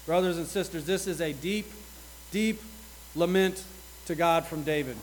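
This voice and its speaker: High-voiced earnest male preacher. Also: moderate pace, slight background noise, poor audio. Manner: earnest, reads scripture with rising intensity. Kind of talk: sermon.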